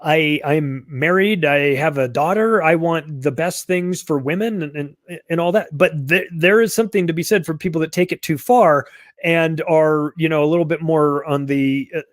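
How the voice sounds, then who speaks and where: A man's voice: fairly high pitch, moderate pace, no room sound, clean studio sound. A middle-aged man being interviewed as a guest author, talking bluntly and mockingly in a casual conversation. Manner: blunt, mocking, acts out sarcastic impressions.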